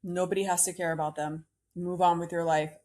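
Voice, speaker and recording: A woman's voice: lowish voice, little pitch movement, a little fast, a little mellow. Blunt, opinionated woman podcast host. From Cuban-American. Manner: blunt, opinionated, swears freely. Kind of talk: solo opinion podcast rant.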